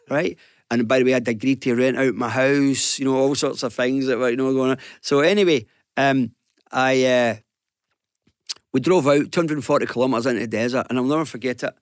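A man from Glasgow with a Glaswegian Scottish accent, telling a business anecdote on a radio show with lively acted-out quotes. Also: medium pitch, fairly quick, no room sound, studio quality. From Glasgow, Scotland. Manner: lively storyteller, acts out quotes, chuckles. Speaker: business guest panellist.

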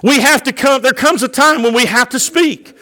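A middle-aged male pastor preaching a sermon with fervour, rising into loud, impassioned peaks. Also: very high-pitched, normal speed, rough recording.

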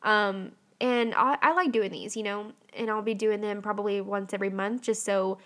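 A woman's voice: medium pitch, steady tone, moderate pace, a bit bright. Chatty woman podcast host. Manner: chatty, heavy on fillers like "um" and "like". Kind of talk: casual solo podcast chat.

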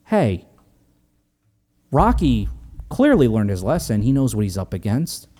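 A man casually recapping a movie as a podcast host, animated, joking and profane. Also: medium pitch, a little slow. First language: Italian heritage, speaks English.

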